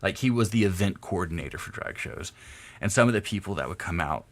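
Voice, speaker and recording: A man's voice: low voice, expressive, brisk. A young adult man chatting casually on a game stream, rambling through stories and laughing often. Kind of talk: casual gameplay stream chat.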